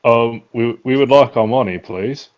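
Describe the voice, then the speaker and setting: A man's voice: mid-range voice, moderate pace, highs cut off. A man playing a tabletop game, talking in a polite, wry, joking way. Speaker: player.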